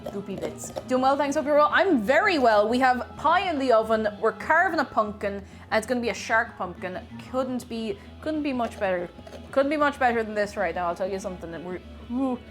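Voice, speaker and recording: A woman's voice: on the high side, expressive, fairly quick, fairly bright tone. Chatty woman streamer, faint music behind. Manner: chatty, greets viewers by name; playful, repeats phrases for fun. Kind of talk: casual live-stream chat.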